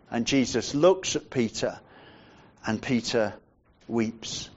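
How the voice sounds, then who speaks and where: A man preaching a sermon in a measured way, dropping to a hushed voice to stress points. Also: mid-range voice, muffled recording.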